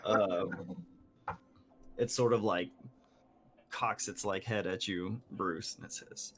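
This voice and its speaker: Slow-talking male game master. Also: low-pitched, fairly even intonation, fairly bright tone, a little hiss or hum. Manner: slow, rambling, with fillers. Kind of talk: narrating a tabletop game.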